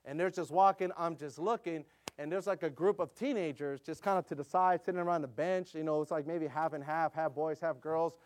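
A man delivering a sermon in a chatty storytelling mode, with his voice sitting slightly high. He drifts through fillers and asides, then surges into loud, emphatic bursts when he exhorts his listeners. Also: steady tone, brisk. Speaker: preacher.

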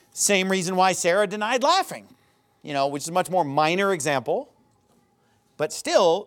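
A man preaching a sermon with a high, lively voice. He reads scripture and acts out characters' words with mocking, animated emphasis. His pitch climbs and swoops as he drives each point home. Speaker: pastor.

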